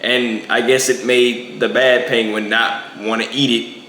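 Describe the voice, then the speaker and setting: A man's voice: medium pitch, flat delivery, a little slow, pushed and bright, echoey room, slight background noise. A young man giving a casual, rambling movie review, packing in lots of filler words.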